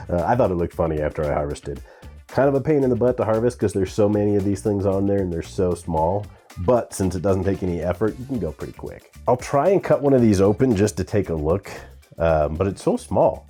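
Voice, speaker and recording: Male vlog host, low mellow voice, relaxed and chatty, faint music behind. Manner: easygoing, chatty, admits he can't pronounce names. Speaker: gardening and pepper-tasting channel host. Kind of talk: casual vlog talk to camera.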